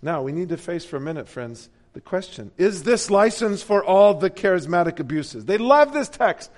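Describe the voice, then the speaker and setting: This is a pastor from the United States preaching a sermon in a church. His voice sits high, and he drives it with animated, dramatic energy, swinging between loud bursts and hushed asides. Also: moderate pace, big-room sound.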